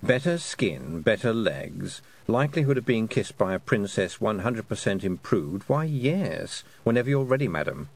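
Sarcastic know-it-all toad, lowish and bouncy, guy doing the voice. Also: sing-song, measured pace, exaggerated voice. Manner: sarcastic, dry. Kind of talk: audiobook character voice.

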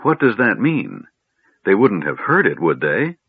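A man voicing a curious, cheeky male kender who talks in a bright, chatty, inquisitive way, recorded on a narrow phone-like line. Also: on the low side, huge pitch swings, measured pace, slightly rough, no echo, exaggerated voice.

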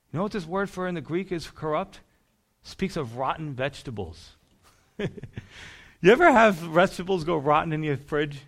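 A man, a pastor, preaching a sermon in an animated, conversational way, chuckling now and then. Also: on the high side, normal speed.

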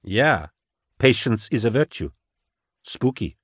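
A man voicing a grim, guarded young woman agent who speaks quietly and tersely in an audiobook. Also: medium pitch, big pitch swings, slow, breathy edge, no echo, clean studio sound, exaggerated voice.

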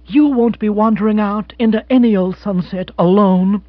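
A man reading an audiobook who voices an emotional, romantic woman with high, breathless cries. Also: lively intonation, drawn-out words, no echo, full character voice. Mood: sharp. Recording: dull, dry close recording.

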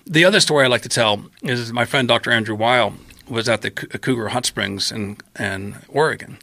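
Gravelly, bright-voiced man telling a story. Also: mid-range voice, a little fast, no room sound. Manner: animated storyteller acting out his own past lines. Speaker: podcast guest. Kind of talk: storytelling in casual chat.

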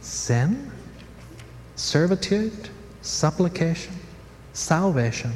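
Animated male Bible teacher in a hall. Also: on the high side, very slow. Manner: animated storyteller, jokes, many fillers. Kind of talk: casual Bible class lecture. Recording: hall reverb, faint background noise.

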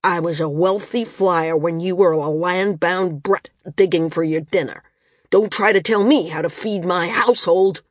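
A woman's voice: lowish voice, normal speed, dry recording, studio quality, lightly acted. A woman voicing a small, arrogant male flyer who snaps and sneers, in an audiobook. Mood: defensive, snapping. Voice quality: snapping, sneering delivery.

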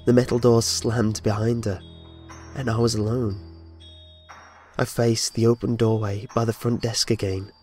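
A man's voice: lowish voice, little pitch movement, measured pace, darkish tone. A man telling a first-person horror story with tense, dramatic narration. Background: faint music.

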